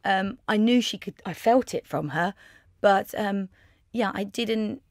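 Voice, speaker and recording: A woman, a podcast guest telling family stories in an animated, casual way. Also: mid-range voice, measured pace, no echo, clean studio sound. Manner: animated anecdotal storyteller. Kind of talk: casual chat.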